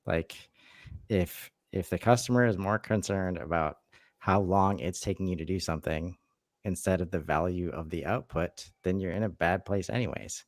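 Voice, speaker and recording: Very deep-voiced male podcast co-host, plain and matter-of-fact. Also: normal speed, dry recording. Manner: matter-of-fact, thinks aloud with restarts. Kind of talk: podcast discussion.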